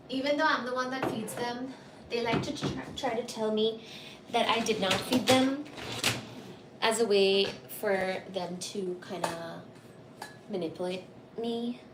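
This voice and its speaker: Woman host, high voice, slow pace, affectionate pet baby talk at the kitchen sink. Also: noisy background. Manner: cooing, affectionate, laughing often. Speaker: cat owner and channel host. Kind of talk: casual chat and baby talk to pets. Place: home kitchen.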